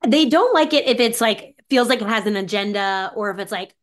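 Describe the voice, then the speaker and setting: A woman author being interviewed on a podcast, talking in an animated, casual way with many fillers and acted-out quotes. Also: a little high, fairly quick. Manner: animated, acts out quoted voices, frequent "like". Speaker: author and mentor of teen girls, guest.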